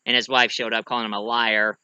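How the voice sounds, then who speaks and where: A man's voice: mid-range voice, little pitch movement, fairly quick, pushed and bright, clean tone, no room sound, highs cut off. A man giving a casual, rambling movie review, full of fillers and restarts, who keeps acting out lines.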